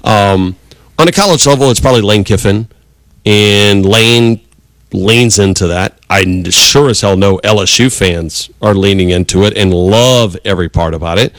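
A male sports radio host with a low voice, talking casually and rambling through his points with frequent restarts. His voice is recorded dry and close, with no room sound. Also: moderate pace, a bit bright, no echo. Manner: rambling, conversational, many restarts.

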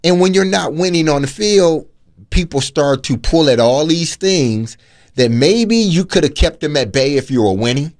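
An opinionated man co-hosts a sports radio show, talking through his views in an animated, conversational way and often repeating words as he goes. His pitch moves around a lot as he makes his points. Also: moderate pace.

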